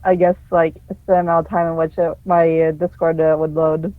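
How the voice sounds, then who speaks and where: A woman's voice: low voice, flat delivery, brisk, dry recording. A woman playing a tabletop game over voice chat, hesitant with many fillers, heard through muffled audio. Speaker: player. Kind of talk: casual play over voice chat. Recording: muffled phone-quality audio in a dry room.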